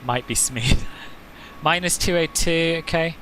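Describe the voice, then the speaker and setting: A man's voice: fairly high pitch, takes it slowly, pushed and bright, a little hiss or hum. A man hosting a flight simulator live stream, chatting casually, answering viewers' comments and laughing often.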